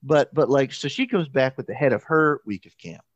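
A man, a pastor and camp counselor, telling a story in casual chat, animated and halting, with many restarts and quoted voices. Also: medium pitch, no room sound, muffled recording.

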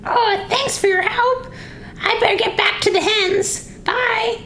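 A performer voicing Bob, a young rooster who is eager and earnest, in a soft, hesitant storybook voice. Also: extremely high pitch, fairly even intonation, unhurried, slight background noise, heavily acted. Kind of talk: storybook reading. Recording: echoey room.

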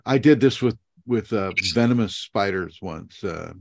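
A man's voice: fairly low pitch, lively intonation, unhurried, creaky, no room sound. A man hosting a casual video-call question session as a spiritual teacher, rambling with fillers and laughing at himself.

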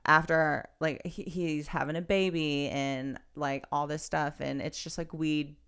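A woman's voice: sits low, steady tone, a little slow, a bit bright, clean tone. A young woman co-hosting a podcast, rambling in casual chat with lots of "like". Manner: rambling, heavy use of "like". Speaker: podcast co-host; nanny.

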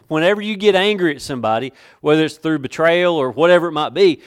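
A male pastor preaches a sermon, breaking into slow, emphatic readings of King James scripture. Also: a little high, animated, clear, resonant tone.

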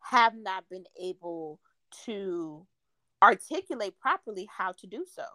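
A woman's voice: mid-range voice, lively intonation, a little slow, pushed and bright, no room sound, studio quality. A young woman, an author being interviewed, speaking earnestly as she searches for her words in a casual podcast conversation. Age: young adult. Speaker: author guest.

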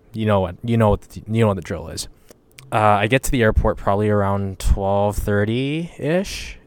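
A man's voice: fairly low pitch, smooth. A young man from western Canada hosting a casual solo podcast, blunt and rambling, swearing freely and using lots of "you know" and "like". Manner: many fillers like "you know" and "like". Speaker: podcast host.

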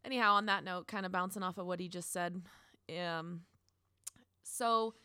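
A woman's voice: on the low side, fairly even intonation, normal speed, bright, forceful tone, clear, resonant tone, no echo, studio quality. Earnest, encouraging woman podcaster. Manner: earnest, encouraging, talks in long runs. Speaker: podcast co-host. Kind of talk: casual podcast chat.

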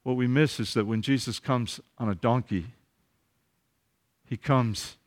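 Speaking off the cuff, this man gives a sermon as a pastor, earnest and forceful, throwing rhetorical questions to the congregation and repeating himself for effect. He has a mid-range voice and talks a little fast.

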